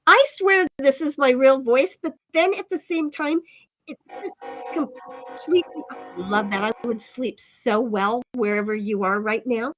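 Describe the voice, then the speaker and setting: A woman's voice: high voice, a little slow, fairly bright tone, soft background music, low-quality recording. A woman hosting a casual live stream, reading viewer comments aloud in a giggly, playful, teasing way. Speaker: streamer host.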